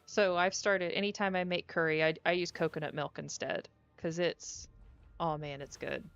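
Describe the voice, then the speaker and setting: A young woman streaming as she plays, chatting casually and getting easily excited as she muses aloud. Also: lowish voice, moderate pace, vocal fry, clear, resonant tone. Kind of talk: casual stream chat while playing. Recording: dull lo-fi audio with faint music.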